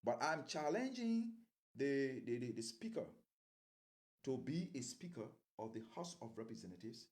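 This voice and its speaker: A man's voice: mid-range voice, sing-song, moderate pace, a little mellow. A man giving political commentary as an interview guest, rambling and repeating words as he grows heated.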